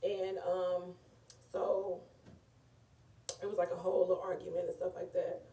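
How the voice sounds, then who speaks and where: A woman chats through a reality show recap in a gossipy, animated way. Her voice is mellow and dark in tone. She sits back from the mic in an echoey room. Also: on the low side, measured pace, far from the mic. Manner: chatty, animated, often says "girl" and "like".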